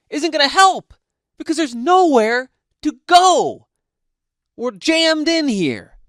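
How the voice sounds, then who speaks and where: A man telling a casual story in a profane, laughing, animated way. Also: extremely high pitch, no room sound, studio quality. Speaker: host.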